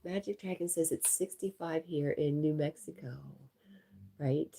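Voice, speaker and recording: A woman hosting a casual livestream, chatting and reading viewer comments aloud. She sounds stuffy-nosed and talks softly to her dog between comments. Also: low voice, husky. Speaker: livestream host.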